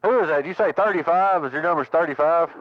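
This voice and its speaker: Guy rattling off his handle on the cb, talks quick, muffled lo-fi sound. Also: on the high side, no room sound. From Tennessee. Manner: repeats call sign, folksy sign-offs. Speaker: CB radio operator. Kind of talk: CB radio skip talk. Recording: muffled lo-fi radio audio.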